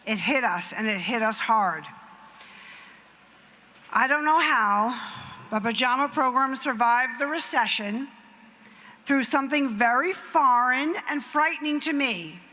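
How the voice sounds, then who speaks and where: A woman's voice: high-pitched, measured pace, pauses often, sharp tone. A middle-aged woman giving a speech at an event, telling a story with acted quotes and asides. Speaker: nonprofit founder giving a speech. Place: event hall. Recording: reverberant hall, faint noise.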